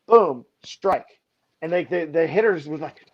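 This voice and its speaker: A man's voice: on the high side, unhurried, highs cut off. Chatty man telling a coaching story. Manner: animated anecdotes, heavy use of "like". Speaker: baseball pitching coach. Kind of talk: casual podcast storytelling.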